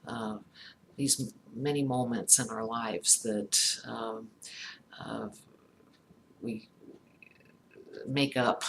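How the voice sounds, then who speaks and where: A middle-aged woman speaking slowly and thoughtfully. She recounts a personal story and often pauses with fillers and restarts. A faint hum of room ambience sits behind her. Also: rumbling low, steady tone, vocal fry, fairly bright tone. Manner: halting, many fillers and restarts. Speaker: psychologist talking about empathy.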